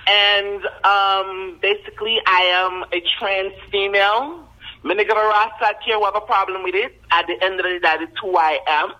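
A woman in her thirties with a Caribbean patois-tinged accent, a singer-songwriter and student, speaking calmly and self-assuredly as a podcast guest over the phone. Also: medium pitch, moderate pace. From Haitian descent. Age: 30s. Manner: calm, explanatory and self-assured. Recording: dull phone-line recording.

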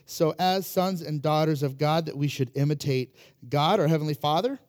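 A man's voice: a little high, moderate pace, darkish tone. A man preaching a casual sermon, telling humorous family stories in a conversational way, full of fillers and restarts. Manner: humorous, self-deprecating anecdotes. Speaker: pastor.

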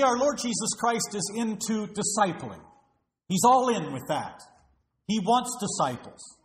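A man's voice: high-pitched, a bit bright. A man preaching a sermon as pastor, emphatic and full of rhetorical questions to the congregation, recorded in a church. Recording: roomy echo.

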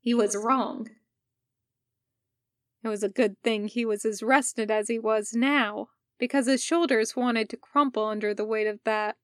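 A woman reading a fan fiction story aloud in calm, even narration. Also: a little high, moderate pace, few pauses, no room sound, clean studio sound. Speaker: podfic reader.

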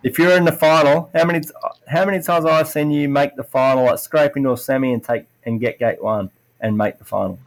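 A man's voice: mid-range voice, quick pace, gravelly, poor audio. A middle-aged man in casual chat, telling racing stories with lots of fillers and acted-out quotes. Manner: animated storytelling, acts out quotes, many "like" fillers. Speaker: retired racer on a podcast.

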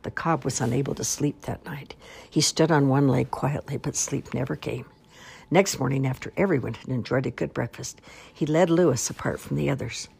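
A woman narrating a children's storybook in a gentle, expressive read-aloud manner. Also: very deep voice, moderate pace, gravelly, breathy edge. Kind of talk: storybook reading.

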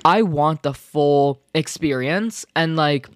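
A man's voice: a little high, takes it slowly, smooth, dry recording. Chatty young man, dry close sound. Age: young adult. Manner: chatty, rambling, excitable with filler words. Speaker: podcast host. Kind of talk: casual solo podcast chat.

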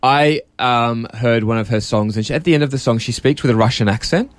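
A man's voice: medium pitch, a little fast, no room sound. A man hosting a casual radio show, joking and laughing often with his guests. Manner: jokey, laughs often, animated. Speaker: radio host.

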